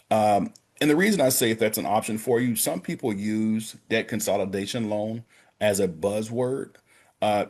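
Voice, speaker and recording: On a prayer call, a male banker gives practical advice on financial literacy, speaking straight to the listeners and calling them gentlemen and brothers. He speaks at a fairly low pitch.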